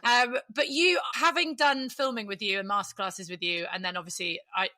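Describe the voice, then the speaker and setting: A woman's voice: medium pitch, fairly even intonation, moderate pace, pushed and bright, no echo. A woman hosting a podcast, chatting casually and swearing now and then. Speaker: podcast host.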